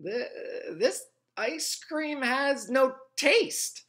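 A man voicing an unhappy young schoolgirl who is bored with everything, in a high, plaintive, wailing voice. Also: expressive, extremely slow, pushed and bright, full character voice. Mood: puzzled.

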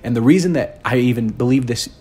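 A man's voice: mid-range voice, fast talker, warm tone, husky. A man hosting a reaction video, earnestly exhorting the viewer directly in a preachy commentary. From United States. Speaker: host reacting to a clip.

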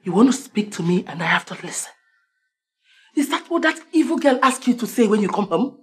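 An actress with a Nigerian accent playing a domineering, controlling mother who barks orders and shouts. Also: a little high, sing-song, brisk. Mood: commanding. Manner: commanding, shouting.

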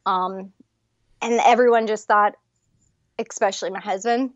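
A woman in her thirties or forties, a guest sharing her faith testimony in an animated, earnest chat. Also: mid-range voice, a little slow, no echo, lo-fi sound.

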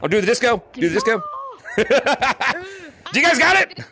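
A man with a very high, bright voice that leaps all over the place, calling out to fans during a VR game session. He is loud and giggly and fires off words in rapid repeats, heard close through a headset mic. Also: big pitch swings. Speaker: YouTube content creator. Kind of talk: excited live gameplay chat with fans. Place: virtual reality game lobby, at home.

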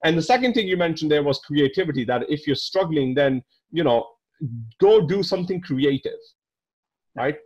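A man's voice: on the high side, animated, normal speed, a little mellow, lo-fi sound. A man hosting a podcast interview, chatting casually and enthusiastically summing up his guest's points. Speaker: podcast host.

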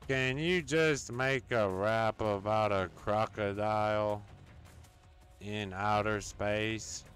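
A male streamer talks in an unhurried, drawn-out way, playfully teasing and goading a chatbot while he chats to his viewers. Faint music plays under his voice throughout. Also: lowish voice, fairly even intonation, fairly bright tone. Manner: playful, goofing around with a chatbot. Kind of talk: casual live-stream chat.

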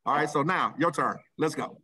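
High-voiced teasing man on a video call. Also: moderate pace, sharp tone, breathy edge. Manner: teasing, insistent. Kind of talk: playful meeting banter.

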